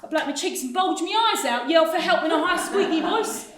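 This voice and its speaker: A woman playing a sly wheedling dockside hustler, a man selling fake drownings, pitched very high with lively swings, sounding far off in a roomy echoey hall. He pours out salesman patter and keeps bowing with mock respect. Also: fairly quick, noisy background. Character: hustling male street performer who fakes drowning. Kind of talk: amateur stage acting. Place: drama class room. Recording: echoey room, actors off-mic.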